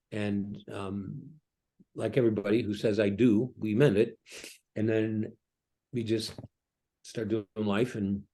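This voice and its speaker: A man's voice: lowish voice, darkish tone. A middle-aged man, a pastor, talking through a reflective sermon-style message with many ums and restarts. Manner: halting, with frequent ums and restarts. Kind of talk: reflective preaching talk.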